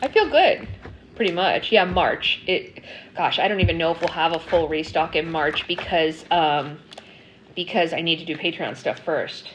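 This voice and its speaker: A woman's voice: sits low, fairly even intonation, moderate pace, a little hiss or hum, poor audio. A woman hosting a casual live stream, chatting and answering viewer comments with frequent ums. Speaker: slime livestream host. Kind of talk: casual livestream chat.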